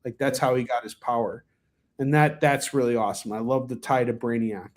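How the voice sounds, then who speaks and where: A man's voice: mid-range voice, fairly even intonation, fairly quick. A man hosting a casual livestream, reviewing comics in a rambling, enthusiastic way, full of fillers and restarts, with a cough now and then. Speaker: comic book reviewer, stream host.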